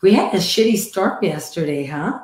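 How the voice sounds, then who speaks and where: Live-stream host, woman, lowish voice, a little hoarse, chatty and laughing, roomy echo. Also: expressive, normal speed, darkish tone. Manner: chatty, laughing, says sweetie and darling. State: slightly hoarse from a croupy cold. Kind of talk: casual chat with callers.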